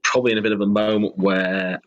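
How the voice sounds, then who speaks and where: Low-voiced, self-deprecating man on a call. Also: flat delivery, quick pace, a bit bright, muffled recording. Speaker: guest songwriter. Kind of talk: casual chat. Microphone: video call.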